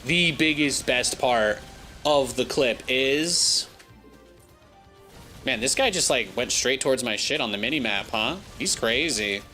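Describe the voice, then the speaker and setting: A man with an American accent giving excitable, joking commentary while he plays and streams a game. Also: mid-range voice. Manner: excitable, joking, talks to himself and chat. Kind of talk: casual gameplay commentary.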